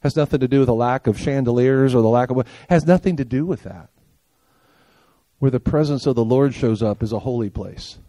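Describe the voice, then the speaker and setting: An older man preaching a sermon as pastor, emphatic, firing rhetorical questions and asking the congregation if they are with him, swinging from loud punchy lines to quiet low ones. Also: fairly quick, no echo. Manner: emphatic, rhetorical questions and call-and-response checks.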